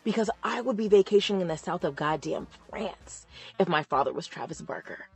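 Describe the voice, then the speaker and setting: A woman's voice: lowish voice, expressive, a little fast, vocal fry, husky, soft background music. A young woman ranting casually about someone online, talking in an emphatic, chatty way and stretching out words for stress. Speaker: commentator. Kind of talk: casual opinion rant.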